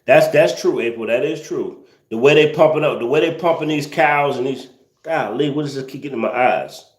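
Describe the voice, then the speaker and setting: A man's voice: medium pitch, fairly quick, echoey room. A man hosting a casual livestream, reading viewer comments and ranting with incredulous laughter and slang.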